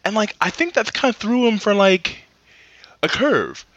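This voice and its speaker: A man's voice: sits high, sing-song, a little slow, a bit bright, no room sound, lo-fi sound. A man co-hosting a podcast, rambling through stories in casual chat with many fillers. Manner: rambling storyteller, many fillers and acted quotes. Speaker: podcast co-host.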